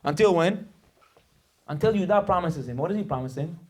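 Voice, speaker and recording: A man's voice: on the high side, lively intonation, a little fast, a little mellow. A male rabbi giving a sermon, emphatic and dramatic, telling stories and acting out the voices in them. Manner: acts out quoted voices.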